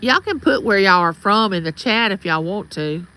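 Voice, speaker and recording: A middle-aged Mississippi woman with a Southern accent hosts a casual livestream from outside her home, greeting viewers by name. Her medium-pitched voice is animated and sharp at a moderate pace, and the recording is rough.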